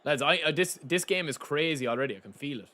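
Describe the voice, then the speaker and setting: A man's voice: fairly high pitch, lively intonation, fast, pushed and bright. A man giving casual, joking live commentary while he plays a football game and chats to his viewers. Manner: chatty and joking, talks to viewers as lads. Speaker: gaming streamer.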